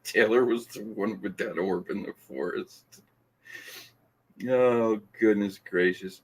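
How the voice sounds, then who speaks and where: A man's voice: lowish voice, slow, husky. A man hosting a casual live stream, reading comments aloud, teasing and laughing often with stumbling restarts. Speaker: podcast host reading live chat.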